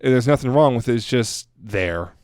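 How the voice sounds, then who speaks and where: A man's voice: medium pitch, lively intonation, normal speed, darkish tone, no echo, clean studio sound. A man co-hosting a podcast, chatting casually and rambling as he reviews a cartoon episode. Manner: rambling, many restarts and laughs. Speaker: podcast co-host.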